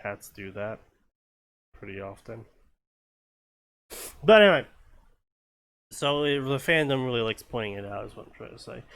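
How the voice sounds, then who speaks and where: A man's voice: mid-range voice, animated, moderate pace, pauses often, fairly bright tone, no room sound. A man hosting a podcast, casually commenting on fanfiction in a rambling way full of ums and restarts. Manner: rambling, many fillers and restarts. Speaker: podcast host.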